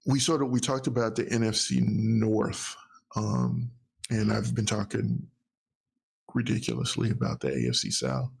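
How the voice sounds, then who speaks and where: A man hosting a live football talk stream, chatting casually in a rambling, halting way with frequent restarts. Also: on the low side, vocal fry, husky.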